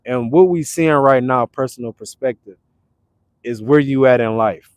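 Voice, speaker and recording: A man from Detroit talking casually on a livestream, animated and repetitive, breaking into loud acted retorts. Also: mid-range voice, moderate pace, clean tone, dry recording. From Detroit, Michigan. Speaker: livestream host. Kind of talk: casual motivational livestream talk. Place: now staying in Arizona.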